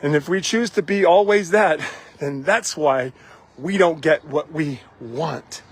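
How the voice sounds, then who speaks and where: Husky man giving a motivational talk. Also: fairly high pitch, a little slow. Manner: emphatic, repetitive rhetorical questions with chuckles. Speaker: motivational speaker.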